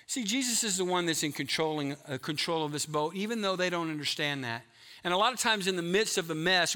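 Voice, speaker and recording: Middle-aged pastor guy preaching, high bright voice, emphatic, goes loud then quiet. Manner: emphatic, swings from loud to hushed. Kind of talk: sermon.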